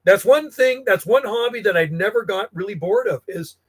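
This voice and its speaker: High-voiced radio hobbyist. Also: male voice, normal speed, breathy edge, poor audio. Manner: rambling and friendly, chatting to callers while logging contacts. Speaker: ham radio operator. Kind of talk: casual on-air chat with radio contacts.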